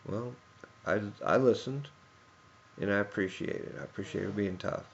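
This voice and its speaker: A man's voice: lowish voice, moderate pace, creaky, muffled recording, slight background noise. A man giving a personal tribute speech, rambling through anecdotes and chuckling often.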